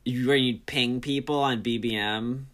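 A man's voice: mid-range voice, normal speed. A man in his twenties co-hosting a podcast, chatty and laughing often. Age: 20s. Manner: chatty, laughs a lot, lively. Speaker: podcast co-host. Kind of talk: casual chat.

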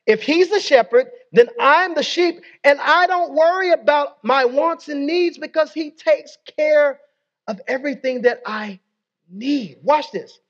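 A man's voice: very high-pitched, a little slow, a bit bright, dull audio. A male pastor preaching a sermon, leading his congregation in call-and-response and dropping in folksy, conversational asides.

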